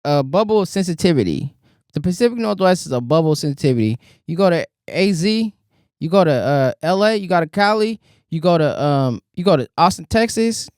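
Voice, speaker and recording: A man with a notably high voice jokes and laughs his way through the chat. He co-hosts a casual podcast with friends. The mic is close and dry. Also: brisk, clean tone, no echo. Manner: joking, laughs often, animated. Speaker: podcast co-host.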